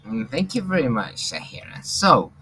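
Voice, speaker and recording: A man's voice: fairly high pitch, sing-song, moderate pace, bright, forceful tone, breathy edge, low-quality recording. A man who grew up in England, teaching an online English class and talking with many fillers and restarts. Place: home, online video call. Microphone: computer mic on video call.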